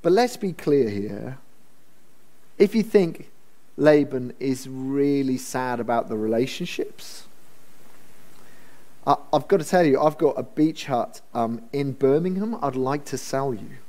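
A man's voice: mid-range voice, expressive, unhurried, a little mellow. A man preaching a Bible sermon in a conversational, humorous storytelling manner. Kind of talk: expository sermon.

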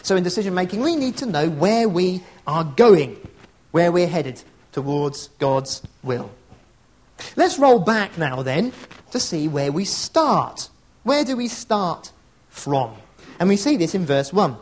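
A middle-aged man preaching with an earnest, chatty warmth of delivery. His voice sits fairly high and swings widely in pitch, rising and falling with his points. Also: very animated, measured pace. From England. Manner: earnest, conversational, storytelling asides. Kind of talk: sermon.

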